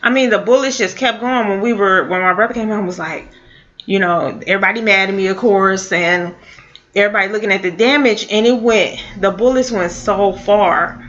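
A woman telling a personal story in a casual, halting way, with many fillers and restarts. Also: mid-range voice, a bit bright. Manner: halting, full of fillers and restarts, laughs now and then. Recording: dull lo-fi audio.

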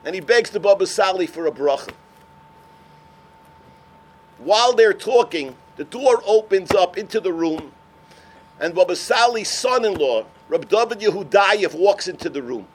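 An older man, a rabbi, telling stories in a sermon, swinging from shouts to hushed words. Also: high voice, expressive, normal speed. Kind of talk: sermon storytelling.

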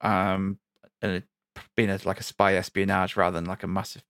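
A man's voice: sits low, flat delivery, brisk, a bit bright, clean tone, dry recording, studio quality. A man co-hosting a podcast, talking in a laid-back, trailing way. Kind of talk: casual chat.

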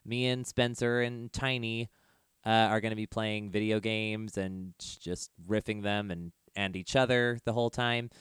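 A man's voice: fairly low pitch, fairly even intonation, unhurried, fairly bright tone, clear, resonant tone, no echo, studio quality. A man hosting a tabletop game podcast, reading announcements in an upbeat, chatty way. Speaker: podcast host.

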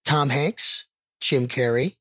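A man's voice: mid-range voice, slow pace, pushed and bright, dry recording. Man teasingly running a podcast quiz. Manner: playful, teasing, quizzing. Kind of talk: casual chat.

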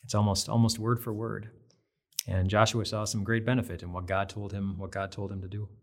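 A man's voice: fairly low pitch, little pitch movement, brisk, darkish tone. A man giving an earnest, conversational devotional Bible talk, repeating phrases for emphasis. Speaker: devotional speaker.

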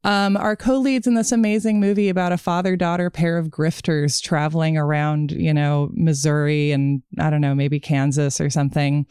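A woman co-hosts a movie podcast in a smooth, clear voice. She talks casually and drifts into long, winding stories. The sound is dry and close. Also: sits low, warm tone, no room sound. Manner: chatty, digressive storytelling. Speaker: podcast co-host. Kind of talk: casual chat about movies.

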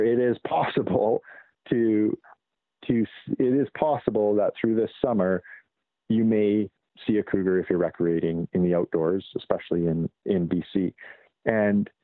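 Man, Canadian, lowish voice, measured talk, lots of fillers, tinny phone line, dry sound. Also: no room sound. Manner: measured, with frequent fillers and restarts. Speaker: guest wildlife expert. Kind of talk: casual interview over the phone.

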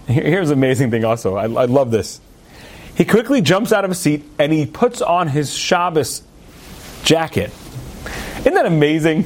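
A man's voice: fairly high pitch, a little hiss or hum. A man telling stories to an audience, acting out the characters' lines. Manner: animated storyteller, acts out characters' lines. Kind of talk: storytelling talk to an audience.

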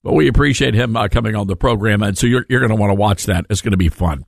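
A man hosting a talk radio show, giving casual opinion commentary in an animated, sarcastic way with rambling asides. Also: fairly low pitch, fast, creaky, no echo, clean studio sound.

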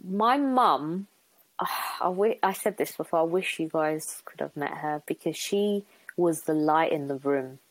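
A woman's voice: low voice, measured pace, no echo, poor audio. A young woman, a podcast guest, talking openly and from the heart, with lots of fillers and restarts. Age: young adult. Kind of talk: reflective podcast conversation.

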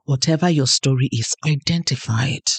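A woman's voice: rumbling low, moderate pace, breathy edge, no echo. A woman hosting a podcast, giving an earnest motivational talk and telling personal stories. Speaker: podcast host.

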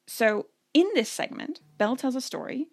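A woman in her thirties from Canada co-hosting a podcast, telling a story in a chatty, animated way and often laughing. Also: high-pitched, moderate pace. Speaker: podcast co-host. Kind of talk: casual storytelling chat.

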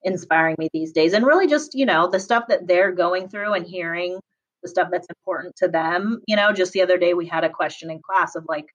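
A young woman teacher from Southern California talks through interview questions in a loose, chatty way, full of fillers and quick laughs. Her voice sits a little low. The recording is dull and lo-fi. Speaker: public school teacher, podcast guest. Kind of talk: casual interview answers.

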